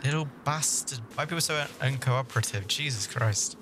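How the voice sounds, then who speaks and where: A British man streaming a survival game, joking loudly and swearing in casual chat. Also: mid-range voice, a little fast, background noise.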